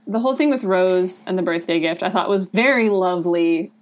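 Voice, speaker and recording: A woman's voice: lowish voice, brisk. A woman co-hosting a casual podcast, walking through a comic in a chatty, explanatory way with frequent fillers. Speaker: podcast co-host.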